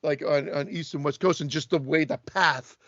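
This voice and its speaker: A Canadian man chatting casually as a podcast co-host, his voice a bit high for a man. He rambles and restarts his sentences often. The sound is dry and a little muffled. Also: steady tone, moderate pace, fairly bright tone, no room sound. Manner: rambling, many restarts and stammers. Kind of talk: casual chat.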